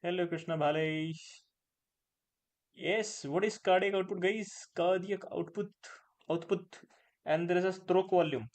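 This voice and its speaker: A man's voice: sits high, fairly even intonation, a little slow, long pauses, darkish tone. A man with an Indian English accent giving a live online pharmacology lecture, repeating phrases, tagging lines with "right?" and slipping in Hindi words. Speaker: pharmacology teacher.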